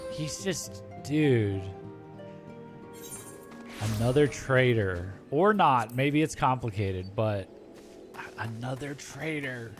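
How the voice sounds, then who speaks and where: A man's voice: medium pitch, animated, takes it slowly, pauses often, music in the background. A man streaming a video game, chatting casually, reacting aloud and talking to his viewers. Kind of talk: casual gaming commentary.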